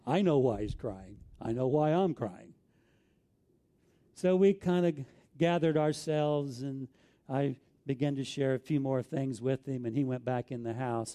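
A man's voice: medium pitch, mellow. A middle-aged man with an Arkansas accent, preaching a sermon as a pastor, telling stories in an earnest, folksy way.

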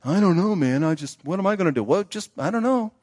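A man's voice: sits high, expressive, fast talker, a little mellow, dry recording, studio quality, voice pushed up. A man voicing two casual male birds complaining about twig prices in a laid-back slangy way. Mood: exasperated.

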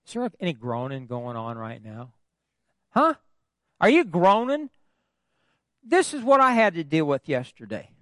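Pastor guy preaching in church, high voice swinging all over, tosses questions at the crowd, jokey asides, dry sound. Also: wildly swooping pitch, a little slow, long pauses, a bit bright, no room sound. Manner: call-and-response with the congregation; folksy asides with humor. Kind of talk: sermon. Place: church, at the pulpit.

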